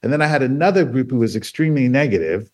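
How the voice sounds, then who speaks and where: A man of ordinary pitch tells his own story as a radio guest. He brings it to life by acting out the people he quotes. His voice lifts sharply whenever he plays himself getting excited. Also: fast talker.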